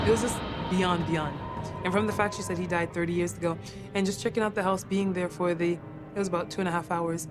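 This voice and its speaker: A woman who works as a caregiver, earnestly recounting a ghost encounter and repeating herself for emphasis. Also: fairly low pitch.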